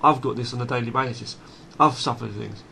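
Male monologue, forceful and unpolished, restarts sentences, average pitch. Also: a little fast, creaky, a little hiss or hum. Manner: blunt, emphatic, swears freely; repeats and restarts phrases. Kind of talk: unscripted monologue.

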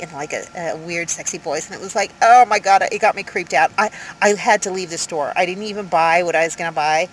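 A woman in her fifties telling a story to camera in a casual vlog, rambling and animated, with many fillers, from inside her van. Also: on the low side, fairly quick, few pauses, slight background noise, rough recording. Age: 50s. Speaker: vlogger.

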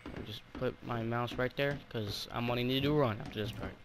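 A man hosting a horror game let's play, excitedly talking to himself as he plays. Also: medium pitch, brisk. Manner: excitable, talks to himself while playing. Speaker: gaming channel host.

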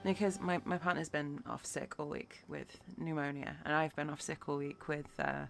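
A young woman with a deep voice chats casually with her live viewers while she paints, and she sounds tired and worn out. She reads their messages aloud and cheers them on. Soft music plays quietly in the background. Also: steady tone, moderate pace, creaky. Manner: reads out chat and answers with encouragement. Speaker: livestreamer.

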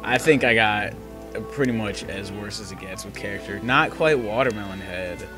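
Low-voiced young man teasing his friend. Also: normal speed, over music. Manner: sarcastic, teasing banter. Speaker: gamer recording a let's play. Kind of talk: casual gaming commentary.

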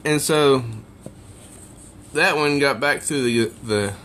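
A man's voice: medium pitch, slow pace, fairly bright tone, a little hiss or hum. A man casually reviewing a comic book, summarizing the pages with evident amusement. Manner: amused, easily tickled by the jokes.

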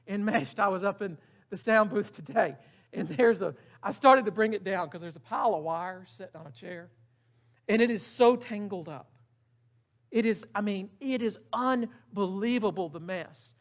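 A middle-aged man preaching a sermon in a casual, emphatic way, often putting questions to the congregation. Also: high-pitched. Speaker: pastor.

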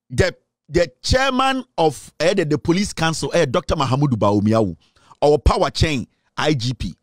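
A man's voice: fairly high pitch, no room sound, studio quality. A man with a Ghanaian accent giving emphatic political commentary, mixing Twi and English and firing off rhetorical questions. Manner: forceful, hammering rhetorical questions.

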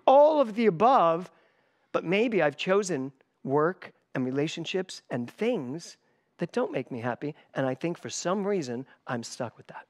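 A man in his sixties, a spiritual director giving a sermon, who tells stories with sudden loud bursts and hushed asides and repeats key phrases for emphasis. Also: a little high. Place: church stage before a live congregation.

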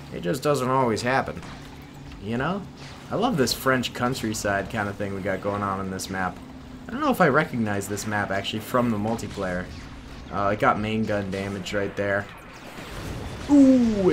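Excitable man commentating a game. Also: mid-range voice, background noise. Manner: excitable, chatty, laughs often. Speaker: gaming YouTuber. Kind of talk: casual gameplay commentary.

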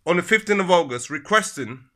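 A man's voice: high voice, lively intonation, fairly quick, bright, forceful tone. A man calling a council office, agitated and repetitive, addressing the listener as "my love". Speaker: caller complaining to council services. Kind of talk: phone call.

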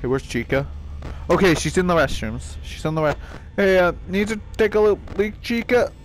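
A man's voice: sits high, expressive, moderate pace, soft background music. A young man giving panicky let's-play commentary, swearing and talking to the game characters. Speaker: gaming youtuber.

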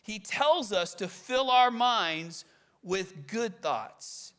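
A man preaching a sermon as pastor, animated and acting out quoted voices. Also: high voice, drawn-out words.

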